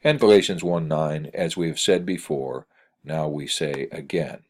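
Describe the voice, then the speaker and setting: A man teaching Greek grammar in a recorded screencast lecture, halting and full of "uh" fillers as he reads examples aloud. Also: rumbling low, darkish tone.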